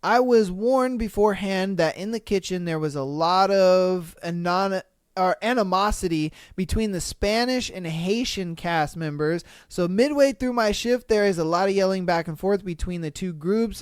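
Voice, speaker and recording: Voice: medium pitch, clean tone, no room sound, clean studio sound. A podcast host casually reading online stories aloud and reacting with frequent laughter and profane slang.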